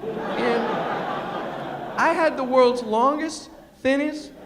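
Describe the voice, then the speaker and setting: Middle-aged new guy doing comic storytelling onstage, kinda high voice, big echoey hall. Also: slow pace, crowd noise, background noise. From New York City. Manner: animated, quotes people in acted voices, asks the audience questions. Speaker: storyteller and humorist. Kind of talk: comic storytelling talk to a live audience. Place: university lecture hall. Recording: long reverb of a lecture hall.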